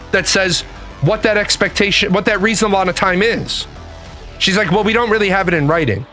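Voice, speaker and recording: A man's voice: high-pitched, bright, forceful tone. A man telling a profane, exasperated story about an argument over a missed appointment, acting out both sides of the phone calls. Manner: exasperated, swears a lot, acts out phone calls. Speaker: podcast host.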